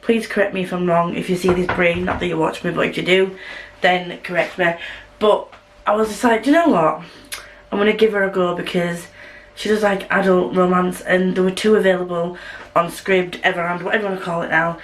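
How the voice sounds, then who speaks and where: A woman with a Yorkshire accent talks casually to her camera at home, rambling from one thought to the next. She drops self-mocking asides as she goes, and her voice sits a little low for a woman. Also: steady tone, fairly quick, rough recording. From Northern England. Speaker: vlogger. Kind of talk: casual chat.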